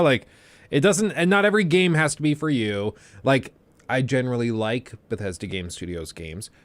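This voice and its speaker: Guy streaming, chatty and jokey, lively up-and-down voice. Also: mid-range voice, dry recording. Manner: chatty, joking, rambling with restarts. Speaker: streamer host. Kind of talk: casual livestream chat.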